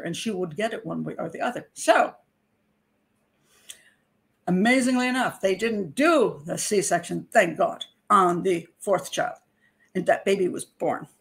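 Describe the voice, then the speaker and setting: A middle-aged woman, a criminal profiler, tells a personal story in an animated, indignant way with wry laughter. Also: medium pitch.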